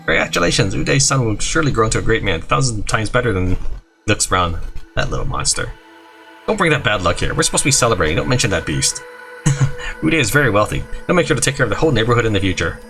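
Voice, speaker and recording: A gaming YouTuber with a lowish, gravelly voice talks fast while playing a video game, with faint music behind him. He reads the game's dialogue aloud in an animated way, jumping between character voices and asides.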